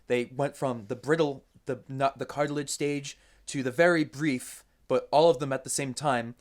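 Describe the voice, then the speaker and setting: A man on a comedy podcast who laughs often and riffs deadpan absurdities. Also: medium pitch, moderate pace. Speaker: podcast panelist. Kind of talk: casual comedic improv chat.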